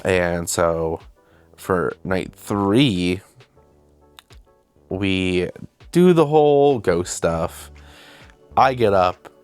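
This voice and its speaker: A young man with a deep, low voice tells a loose, rambling story straight to camera. He is self-deprecating and often acts out what people said. Soft music plays faintly underneath. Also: very slow, long pauses, smooth, no echo. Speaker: video host and filmmaker.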